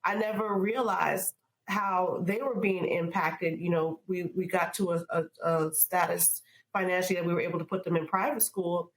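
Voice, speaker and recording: A woman's voice: fairly low pitch, fairly even intonation, moderate pace. A woman speaker on a podcast panel, talking in an emphatic, playful way. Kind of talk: casual panel chat. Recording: roomy echo.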